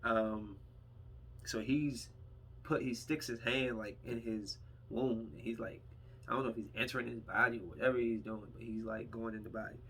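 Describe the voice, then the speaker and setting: A man's voice: medium pitch, fairly even intonation, normal speed, fairly bright tone, slight background noise. A man reviewing a movie on his podcast, retelling the plot in a loose, rambling way and acting out the characters' lines.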